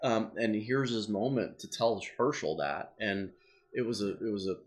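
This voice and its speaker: Man, lowish voice, casual review chat, chatty, restarts sentences. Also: normal speed. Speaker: show co-host.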